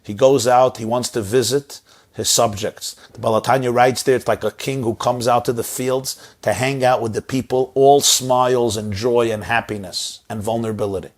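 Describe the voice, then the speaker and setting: Male sermon storyteller at a middle pitch, dramatic with lots of repetition. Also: fairly even intonation, normal speed. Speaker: inspirational speaker.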